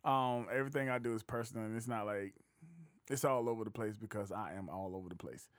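A man's voice: on the low side, quick pace, dry recording. A man in easy conversation as a podcast host, loose and jokey, laughing often. The sound is dry and close, with no room around it. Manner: laid-back, laughs often, loose storytelling. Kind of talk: casual chat.

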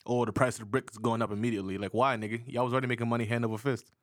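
A man's voice: medium pitch, steady tone, rapid-fire, no echo, studio quality. Profane joking podcast co-host man. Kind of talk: casual chat.

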